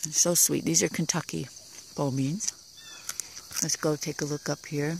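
A woman giving a casual tour of her vegetable garden, talking admiringly and softly, sometimes dropping to a whisper, recorded outdoors on a handheld camera. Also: deep voice, fairly even intonation, normal speed, gravelly, background noise. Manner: admiring, soft-spoken, often drops to a whisper.

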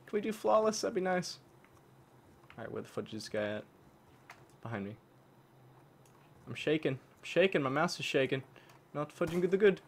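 A man casually commenting on his own online shooter match, excitable and trash-talking, dropping to mutters and jumping to yells. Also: a little high, normal speed, creaky, long pauses. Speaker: gaming YouTuber.

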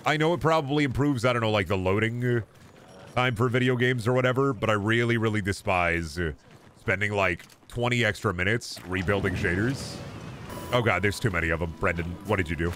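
A man's voice: lowish voice, fairly quick, fairly bright tone. A young man casually commentating his gameplay, rambling, joking and swearing freely. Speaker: streamer. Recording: game music playing behind.

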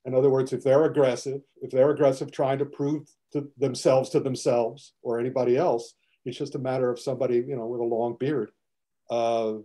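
Older man, mellow voice, casual animated storyteller, acts out scenes. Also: mid-range voice, fairly quick. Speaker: martial arts film critic. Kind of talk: casual chat.

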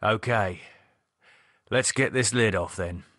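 A man's voice: on the low side, slow, a bit bright, no room sound, clean studio sound. A man voicing a blunt, sardonic man who swears casually while preparing a grim ritual. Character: edgy blunt man reviving a vampire.

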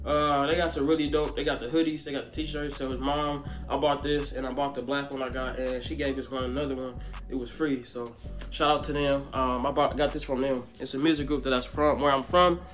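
A young male vlogger answers fan questions in a rambling, laid-back video full of fillers, with faint music behind him. His mid-range voice is brisk and fairly bright, with fairly even intonation.

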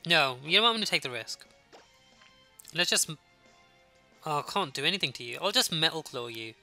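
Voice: mid-range voice, animated, a little fast, bright, forceful tone, soft background music. A young adult Let's Play gamer with a Birmingham accent, chatting to viewers during casual gameplay commentary while sniffly with a runny nose.

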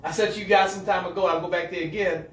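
A male pastor preaching a sermon to a congregation, moving between quiet asides and shouted call-and-response lines. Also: high voice, fairly even intonation, fast. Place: church sanctuary with a congregation. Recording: echoey hall, mic far off. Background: congregation answering.

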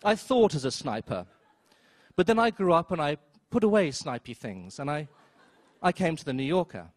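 A man telling a story on stage at a live event, wry and self-mocking, with quick asides and acted-out quotes. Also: on the high side, big pitch swings, no echo. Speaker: storyteller, film critic. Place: theater stage before an audience.

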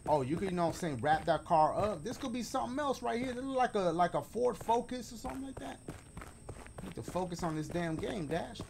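A man's voice: sits high, expressive, a little fast, vocal fry, darkish tone, slight background noise. A man doing let's play commentary on a game, slangy and joking, talking to the viewers. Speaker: gaming YouTuber.

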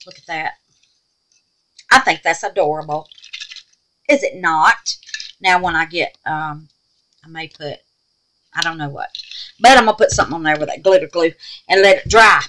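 A woman's voice: deep voice, normal speed, pauses often, slight background noise, low-quality recording. A woman hosting a chatty craft tutorial at home, exclamatory and affectionate with viewers. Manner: animated and exclamatory, calls viewers babies.

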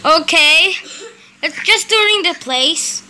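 A woman hosting a casual game roleplay video, talking in a halting way with many pauses and sudden excited exclamations. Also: very high-pitched. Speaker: Minecraft roleplay video host. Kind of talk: casual gameplay roleplay commentary. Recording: noisy with clicking in background.

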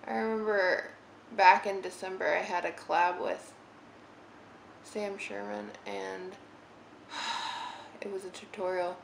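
A woman's voice: mid-range voice, flat delivery, takes it slowly, creaky, pauses often, a little hiss or hum. A young woman chatting casually through a makeup tutorial in her living room, rambling and giggly with lots of "like". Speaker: beauty vlogger. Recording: roomy living room with faint ambience.

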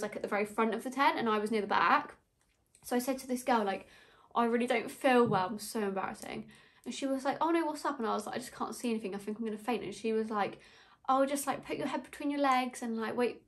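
A young woman chatting in a get-ready-with-me vlog, telling rambling, gossipy stories while a little tipsy. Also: a little high. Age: young adult. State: slightly tipsy. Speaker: beauty vlogger.

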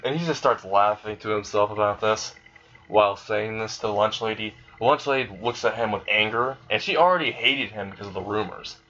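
Dude with a lowish voice rambling through a fan story, swears a lot, muffled lo-fi mic. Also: male voice, fairly quick, bright, forceful tone. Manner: rambling, casual, profane. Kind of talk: improvised fan story narration.

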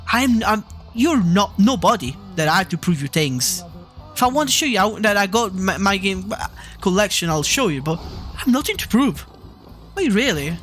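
A man's voice: sits high, a bit bright. A man hosting a gaming channel, chatting casually over gameplay, rambling, repeating himself and getting heated and swearing.

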